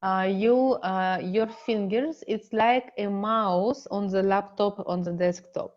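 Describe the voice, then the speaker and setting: Russian-accented woman coaching slowly. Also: mid-range voice, fairly even intonation, lo-fi sound. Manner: slow, deliberate, non-native English with halting pauses. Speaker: relationship coach. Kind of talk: online seminar teaching.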